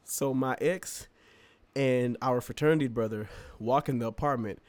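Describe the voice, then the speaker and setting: The mid-range voice of a male podcast co-host moves at a moderate pace. Chatting casually, he's an animated storyteller working through a long, amusing story, laughing often and playing out what people said.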